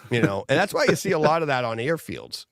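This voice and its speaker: Gravelly-voiced man, rambling excitedly. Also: a little high, fast. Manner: rambling, excitable, restarts often. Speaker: podcast co-host. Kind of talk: casual chat.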